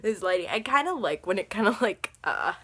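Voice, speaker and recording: Brief: casual vlogger woman, rambling and chatty, bright edge, recorded at home. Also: mid-range voice, very animated, brisk. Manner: rambling, chatty, lots of fillers. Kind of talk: casual storytime vlog. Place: room at home under a lamp.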